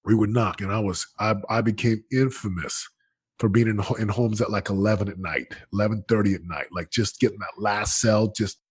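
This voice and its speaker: A man in his late thirties, a guest in an interview, telling his story in an energetic, emphatic way with lots of slang and restarts. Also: fairly low pitch, brisk, slightly rough. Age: late 30s.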